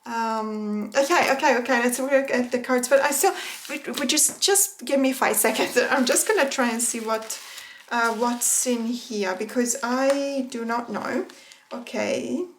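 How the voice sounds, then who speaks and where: Excitable chatty woman, fairly high voice. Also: a little slow, slight background noise. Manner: chatty and excitable, laughs often, addresses viewers as guys. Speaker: tarot vlogger. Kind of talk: casual unboxing chat.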